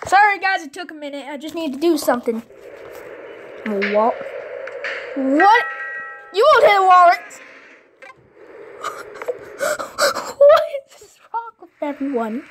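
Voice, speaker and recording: A woman playing a mobile game, commenting casually and excitably with sudden shrieks and giggles. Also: very high-pitched, slow, long pauses, noisy background.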